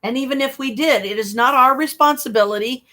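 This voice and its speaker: A woman's voice: sits high, fairly quick, pushed and bright. A woman talking in a casual livestream monologue, rambling, blunt and exasperated, swearing freely as she speaks straight to a viewer. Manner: speaks to one viewer directly.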